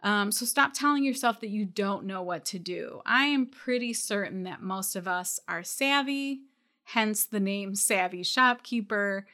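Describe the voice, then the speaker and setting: A woman's voice: mid-range voice, a little slow, sharp tone. A woman coaching shop owners, talking directly and encouragingly and calling listeners out when needed. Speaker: retail business coach. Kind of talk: coaching podcast talk.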